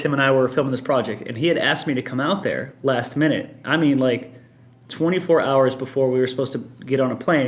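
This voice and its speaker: A man in his early thirties, a band member hosting a casual live-stream Q&A from his apartment, rambling easily and reading out viewer comments. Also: mid-range voice. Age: early 30s. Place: at home in an apartment.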